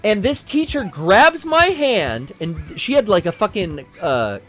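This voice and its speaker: A high-pitched man in his thirties spins a rambling, profane story while co-hosting a game stream. Faint game music plays behind him. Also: big pitch swings, unhurried, a bit bright. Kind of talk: casual storytelling over gameplay.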